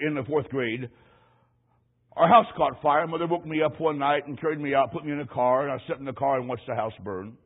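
High, husky male preacher, folksy storyteller, phone-thin radio sound. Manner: folksy storytelling, emphatic rising lines. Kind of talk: sermon with personal story. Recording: tinny phone-like radio broadcast.

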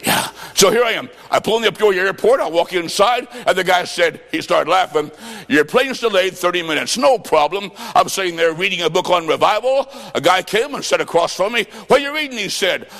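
A man preaching a revival sermon with folksy stories, impassioned and shouting at the peaks. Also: sits high, expressive, a little fast, creaky. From Illinois. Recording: echoey hall with long reverb.

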